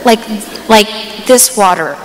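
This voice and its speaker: Young woman speaker at a youth conference, excitable storyteller, reverberant live hall. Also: medium pitch, slow, a little hiss or hum. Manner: animated storytelling, excited exclamations. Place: large hall.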